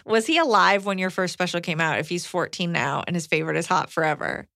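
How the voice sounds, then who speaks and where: A woman's voice: lowish voice, lively intonation, quick pace, creaky, a bit bright, no room sound, clean studio sound. Easygoing woman reading listener letters. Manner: easygoing, laughs often. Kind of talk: reading letters and casual chat.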